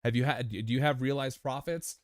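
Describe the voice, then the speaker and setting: A man's voice: mid-range voice, steady tone, brisk, no room sound, clean studio sound. A young man hosting a crypto livestream, chatting casually with viewers and talking through charts with lots of fillers. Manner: chatty, reads out viewer names, frequent fillers.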